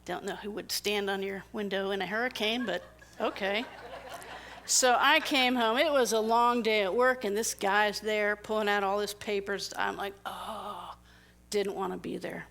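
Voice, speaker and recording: Woman, middle-aged, speaker, conversational sermon, animated storytelling, acts out quoted people. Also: medium pitch, a little slow, a little hiss or hum. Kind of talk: conversational sermon with personal stories.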